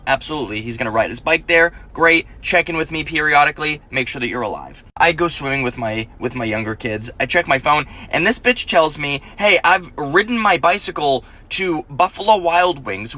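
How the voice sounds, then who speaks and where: A man's voice: fairly high pitch, expressive, normal speed, bright, forceful tone. A man in his thirties telling profane comic stories about his kids, ranting and acting out their voices. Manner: ranting, swears heavily, acts out his kids' voices. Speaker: comedian and parent. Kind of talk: profane comedic storytelling.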